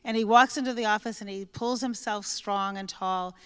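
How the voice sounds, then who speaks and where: A woman speaks with a smooth, clean tone at a mid pitch. She is a guest author in an onstage conversation, telling lively anecdotes and acting out the lines of the people in them. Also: moderate pace, long reverb tail. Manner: lively anecdotal storyteller who acts out quoted speech.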